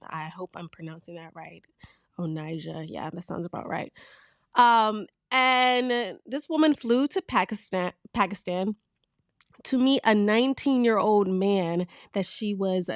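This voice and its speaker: A woman from Virginia hosting her own talk show, telling news stories in a frank, animated way and laughing as she goes. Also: medium pitch, no room sound, studio quality. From Virginia, USA. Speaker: show host. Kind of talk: casual talk-show commentary.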